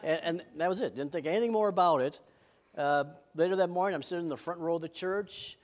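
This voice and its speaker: A man's voice: fairly high pitch, fast talker. Middle-aged man preaching a sermon. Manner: earnest with self-deprecating humor. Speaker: pastor.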